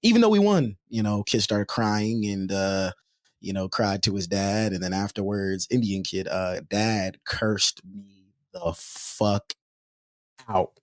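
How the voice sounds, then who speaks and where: A man with a fairly low voice, a podcast host and youth basketball coach, tells a story in relaxed, casual talk. He gets animated and repeats words when he is worked up. The sound is dry and close, with no room echo. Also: takes it slowly.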